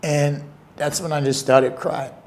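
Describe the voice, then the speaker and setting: A young man telling a personal story in an interview, earnest and emotional, with halting pauses. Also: a little high, steady tone, a little hiss or hum.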